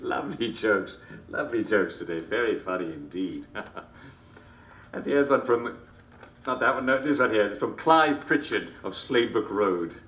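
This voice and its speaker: An actor playing a jovial, sinister English comedy show host in a video game, theatrical and chuckling constantly between jokes. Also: male voice, fairly low pitch, lively intonation, moderate pace, muffled recording. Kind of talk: scripted video game character performance. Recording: roomy echo.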